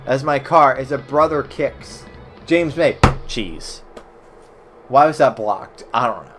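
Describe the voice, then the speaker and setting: A young man streaming old web games, chatting casually with viewers, cursing a lot and breaking into sudden loud outbursts. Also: mid-range voice. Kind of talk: casual gameplay commentary.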